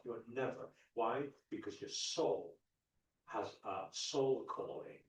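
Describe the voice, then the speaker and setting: A man's voice: mid-range voice, a little mellow. Man, 30s, spiritual teacher, quizzes the crowd and repeats key lines, recorded from far off in a very echoey hall. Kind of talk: motivational talk to a live audience. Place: large hall at a live event.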